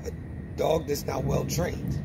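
A man chatting casually, blunt and deadpan. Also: a little high, measured pace, gravelly, background noise. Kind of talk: casual chat.

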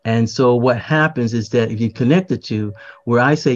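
Older male guest, reflective talker, medium pitch, slightly dull lo-fi audio, lots of fillers and restarts. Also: moderate pace. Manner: reflective, repeats words, frequent fillers and restarts. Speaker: poet, podcast guest. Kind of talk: conversational explanation.

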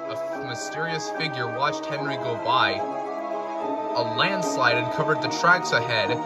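Guy narrating a sweary parody, kinda deadpan, music in background. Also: mid-range voice, normal speed. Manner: crude, deadpan storytelling.

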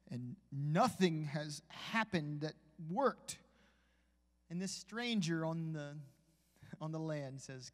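A man preaching a live sermon in a church, with folksy asides, building from a conversational tone to shouted exhortation. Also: fairly high pitch. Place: church sanctuary. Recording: long church hall reverb.

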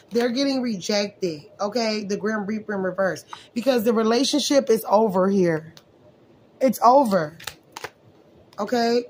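Woman doing a tarot reading, swears a lot, mid-pitch voice, bit of background hum. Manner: blunt, profane, animated asides. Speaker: tarot reader.

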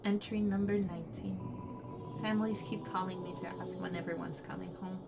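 A woman's voice: lowish voice, fairly even intonation, a little fast, creaky. A young woman playing a video game, reading on-screen text aloud between startled reactions. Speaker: let's play gamer. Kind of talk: let's play commentary. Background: game music.

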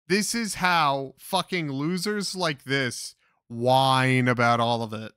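A young man rants in a bright, tense voice, dragging his words out slowly while swearing and scoffing. The sound is dry and close, with almost no room around it. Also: medium pitch, fairly even intonation, clean tone, no room sound. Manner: crude, exasperated, swearing constantly. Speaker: commentator reacting to clips. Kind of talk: profane ranting commentary.

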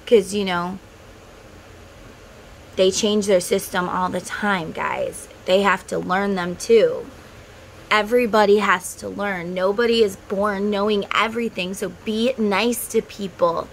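Woman, 30s, earnest rambling vlog talk on a phone mic, slight background hiss, mid pitch. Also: steady tone, a little slow, rough recording. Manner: heartfelt, rambling, talks straight to viewers. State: emotional, close to tears. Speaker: tarot content creator. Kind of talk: casual monologue to camera.

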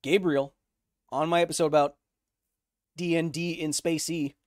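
A man in his thirties hosting a live stream, reading chat questions aloud and explaining science in an energetic way. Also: a little high, dry recording, clean studio sound. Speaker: host.

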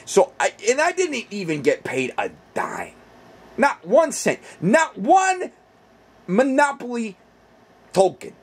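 A man voicing a small, foul-mouthed male teddy bear with anger issues, ranting in a comedic puppet vlog with a husky voice. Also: a little high. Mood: indignant. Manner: ranting, vengeful, over-the-top.

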